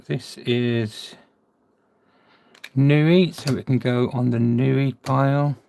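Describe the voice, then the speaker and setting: A man's voice: medium pitch, slight background noise. A man casually narrating as he sorts his collection, chatty and thinking aloud, half muttering to himself. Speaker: coin collector vlogger. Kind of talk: casual narration while sorting.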